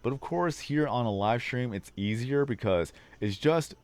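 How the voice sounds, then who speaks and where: A man with a low baritone voice hosting a casual livestream chat, slightly hoarse and rambling on long tangents. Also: expressive, normal speed. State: slightly hoarse, losing his voice. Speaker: livestream host. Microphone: desk microphone.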